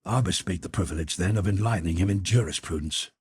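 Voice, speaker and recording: A man doing a soft, low-spoken gentle revolutionary. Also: breathy edge, no room sound, clean studio sound. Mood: calm. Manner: quiet, low and measured.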